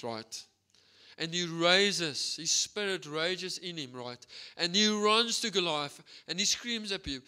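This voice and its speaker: Animated South African preacher. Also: male voice, on the high side, smooth. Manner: energetic, animated storytelling with frequent "right?". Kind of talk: sermon.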